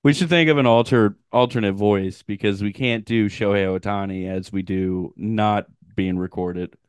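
A man's voice: fairly low pitch, steady tone, moderate pace, smooth, dry recording. A man co-hosting a podcast in casual, joking chat, close to the microphone. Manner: joking, loose, swears. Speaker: podcast co-host. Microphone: close studio mic.

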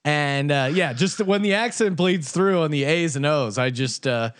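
A man's voice: a little high, moderate pace, clear, resonant tone, no room sound, clean studio sound. A man hosting a sports betting podcast, talking loosely with lots of fillers and laughs, and reading an ad. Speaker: podcast host. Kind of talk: casual podcast chat with ad read.

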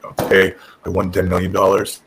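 A man imitating a male wrestling booker who talks in a flat, deadpan monotone, lower than his own voice. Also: normal speed, background noise, natural voice.

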